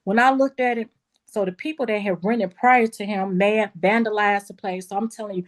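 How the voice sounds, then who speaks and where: A woman who owns a beauty school tells a personal story in a lively, casual way, talking straight to her listeners and acting out what people said. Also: mid-range voice, moderate pace. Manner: lively, acts out quoted dialogue in a raised voice; casual, addresses listeners as y'all.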